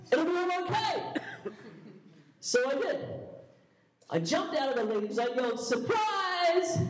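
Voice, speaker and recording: A man's voice: extremely high pitch, darkish tone. A young man speaking as a youth pastor, telling comic, self-mocking stories to a youth audience. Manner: playful, self-mocking, jokey asides. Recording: echoey room, mic at a distance.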